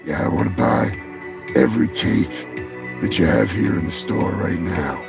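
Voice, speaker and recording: A man doing an impression of a mumbling, gravel-voiced male action star, low and husky. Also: expressive, a little slow, loud music behind the voice, exaggerated voice.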